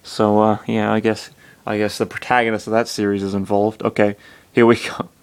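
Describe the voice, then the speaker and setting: A man's voice: on the low side, flat delivery, fairly quick, clean tone. A man casually reading fan fiction aloud, with mocking, profane asides.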